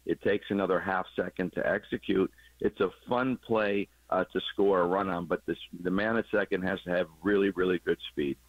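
A man with a very low voice, speaking as a former coach on a sports radio show. He explains game situations patiently and laughs lightly at his own quips. The sound is dry and a little dull, like lo-fi broadcast audio. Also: fairly even intonation, brisk, hardly any pauses, dry recording. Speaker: former third base coach, radio guest analyst. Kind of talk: casual sports radio chat.

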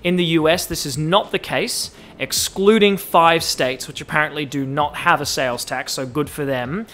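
A young Australian man hosting a casual solo podcast, talking in an animated, joking way and drawing out words when he lists things. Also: fairly high pitch, moderate pace, slight background noise. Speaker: podcast host.

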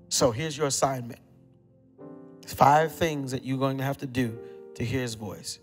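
A man preaching a sermon as pastor, emphatic, repeating phrases and dropping suddenly to a hush. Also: medium pitch, unhurried, pauses often, big-room sound, faint music behind. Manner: emphatic preaching with repetition and sudden drops to quiet.

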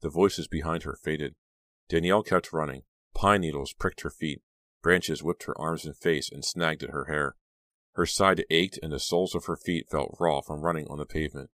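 Man, extremely deep voice, dry close sound, steady horror audiobook narration. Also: no room sound. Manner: steady measured storytelling.

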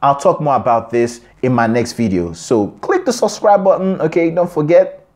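A man's voice: a little high, moderate pace, a little mellow. A man teaching a singing lesson, explaining in short phrases and singing examples. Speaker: singing coach. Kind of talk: vocal lesson with sung examples.

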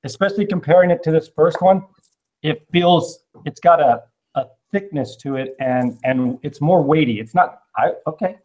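A man's voice: on the high side, normal speed, darkish tone, rough recording. Joking man co-hosting a livestream. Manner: joking, playful. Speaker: co-host of a resale channel. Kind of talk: casual group chat on a livestream.

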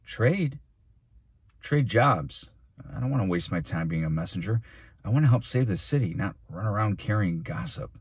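A man's voice: lowish voice, expressive, moderate pace, breathy edge, dry recording. A man voicing an angry, earnest schoolboy who protests urgently. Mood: pleading.

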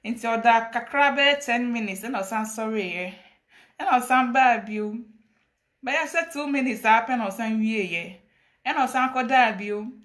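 A Ghanaian woman with a fairly high, fairly bright voice talks at a moderate pace on a social media live stream. Her confessional monologue is preachy and dramatic, full of laughing storytelling that mixes English and Twi.

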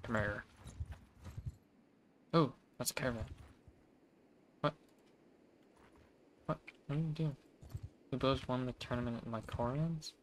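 A man's voice: mid-range voice, a little slow, pauses often, a little hiss or hum. A man giving casual, profane, wry commentary to himself while streaming a video game.

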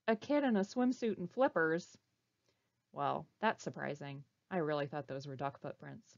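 A woman librarian reading a picture book aloud to children, pausing to ask them questions. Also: low-pitched, creaky, no room sound. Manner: animated, asks children questions. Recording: dull, slightly muffled recording.

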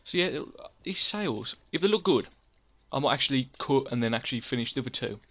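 Young man, casual gameplay commentary, rambling, jokes at his own expense, middle pitch. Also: expressive, a little fast, bright, forceful tone, slight background noise. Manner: rambling, self-mocking, talks to himself by name. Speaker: let's play host.

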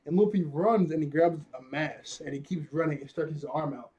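A man's voice: on the high side, brisk, darkish tone, breathy edge, muffled recording. A young man casually recapping an anime episode, rambling, laughing often and restarting his sentences. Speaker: anime reviewer.

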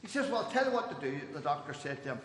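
A man, a church elder telling jokes at a gathering and raising his voice for each character. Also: rapid-fire. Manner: animated storyteller, raises pitch for quoted voices. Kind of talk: after-dinner joke telling. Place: church hall. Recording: echoey hall, some noise.

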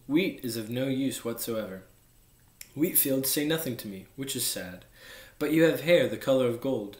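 A man voicing a gentle, patient male fox in a storybook reading, lifting his voice for the part. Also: medium pitch, natural voice. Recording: echoey room.

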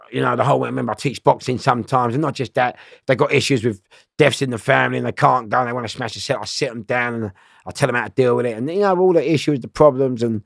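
A man's voice: medium pitch, creaky, no room sound, clean studio sound. A middle-aged man, telling rambling, slangy prison stories in a casual interview, swearing and laughing often.

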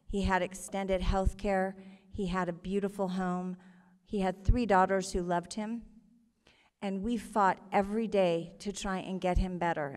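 Speaking live on stage to an audience, a woman tells her own story in an earnest, halting way, emotion audible in her voice. Her voice sits in the mid range, and a long reverb tail trails her words.

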